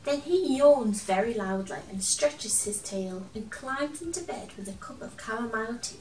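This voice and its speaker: A woman reading a picture book aloud to children, gentle and expressive, chatting now and then to a toy companion. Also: on the high side, normal speed, distant mic, faint music behind. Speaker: children's storyteller. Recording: roomy echo, from off the mic.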